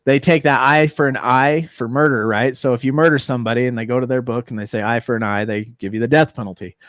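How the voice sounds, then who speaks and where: A man's voice: mid-range voice, steady tone, fast, fairly bright tone, no room sound, clean studio sound. A man hosting a recovery livestream in casual chat, laid-back and joking as he thanks viewers and shares news. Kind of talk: casual live-stream chat.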